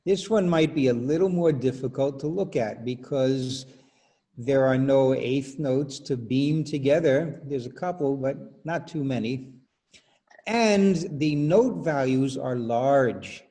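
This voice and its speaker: Slow-talking choral director, mellow voice. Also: male voice, medium pitch. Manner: explains patiently, counts beats aloud. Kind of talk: online music workshop. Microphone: video call.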